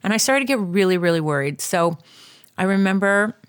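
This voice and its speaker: This woman in her forties co-hosts a podcast, recorded at studio quality with no echo. Her medium-pitched voice is clear, resonant, animated and fairly quick as she tells a personal story in a chatty, emotional way, saying "like" a lot and using plenty of fillers.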